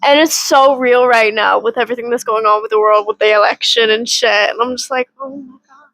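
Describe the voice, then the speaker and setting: A fairly high-voiced woman recording a casual book vlog, talking in a loose, rambling way and laughing often between thoughts. Her voice sits close and dry, with almost no room sound around it. She swears freely. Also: steady tone, brisk, a bit bright, dry recording, rough recording. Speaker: book vlogger. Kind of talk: casual reading vlog update.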